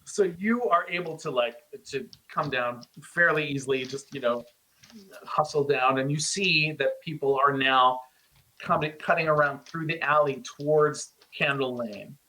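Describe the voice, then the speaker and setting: A man's voice: on the high side, moderate pace, bright, forceful tone, low-quality recording. A man narrating a tabletop game as game master, rambling with many fillers.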